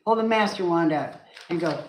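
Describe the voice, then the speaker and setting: Low-voiced woman giving a chatty tarot reading. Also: moderate pace. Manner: chatty, emphatic, sings snatches of songs. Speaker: tarot reader. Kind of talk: casual tarot reading monologue. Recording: echoey room with faint noise.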